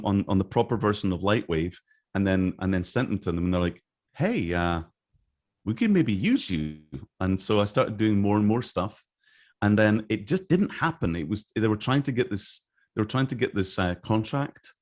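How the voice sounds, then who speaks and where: A man's voice: fairly low pitch, a little mellow. A middle-aged man from England telling stories in a casual interview, rambling with restarts and acting out the dialogue he recalls. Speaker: interview guest, game artist.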